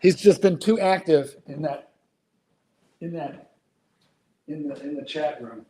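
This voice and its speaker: A man's voice: a little high, measured pace, warm tone, husky. A man hosting a livestream, a playful, teasing storyteller in casual chat. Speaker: host.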